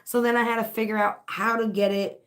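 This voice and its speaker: A woman's voice: a little high, little pitch movement, brisk, fairly bright tone. A woman with a sore, dry throat, hosting a casual livestream as a spiritual reader and shop owner, chatting in a rambling way with lots of fillers and laughs.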